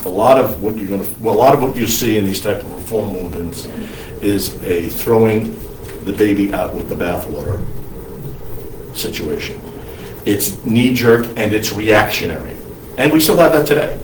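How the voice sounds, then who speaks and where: A male priest giving an unscripted lecture, halting often to restart his sentences. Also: medium pitch, slight background noise. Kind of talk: recorded lecture. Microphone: single mic, speaker sometimes covers it. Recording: roomy echo, mic at a distance.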